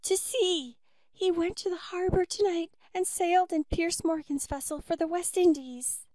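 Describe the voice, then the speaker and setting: A woman voicing a tearful young girl who speaks in a halting way. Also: extremely high pitch, fairly even intonation, darkish tone, no echo, voice pushed up.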